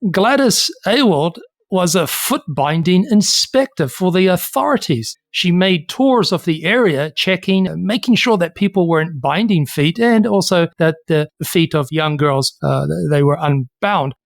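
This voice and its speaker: A podcast co-host tells history in a steady, explanatory way. The voice sits at a middling pitch. It is recorded close and dry, with no room echo. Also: a little slow. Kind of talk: casual history podcast chat.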